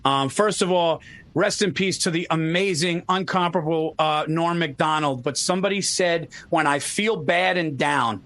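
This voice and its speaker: High-pitched guy telling stories on a call, swears constantly, does little impressions. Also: normal speed. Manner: animated storytelling, swears a lot, mimics people. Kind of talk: casual chat. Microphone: remote call.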